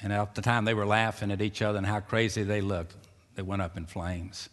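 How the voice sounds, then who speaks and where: A man preaching a sermon, dropping to a hushed, slow voice and rising to loud, excited calls. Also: fairly low pitch. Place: church sanctuary. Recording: long reverb of a church hall.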